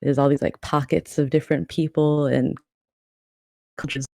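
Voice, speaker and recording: A woman's voice: low voice, flat delivery, normal speed, vocal fry, warm tone, dry recording, clean studio sound. A woman from the New York area, a cosplayer guest, chatting casually and rambling with many restarts. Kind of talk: casual podcast chat.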